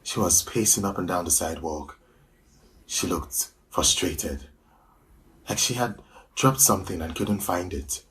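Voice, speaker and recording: A man with a lowish voice performing a comic monologue as a story. He tells it deliberately and builds in dramatic pauses. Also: a bit bright. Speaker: actor.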